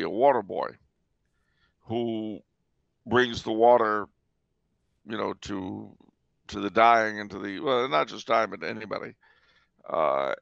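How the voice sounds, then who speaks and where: An older man with a gravelly, creaky voice hosts a casual podcast chat, opinionated and halting. His voice sounds dry and close, on a dull lo-fi recording. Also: on the low side, a bit bright, no room sound. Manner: opinionated, hesitant with many uh and um. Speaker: podcast host.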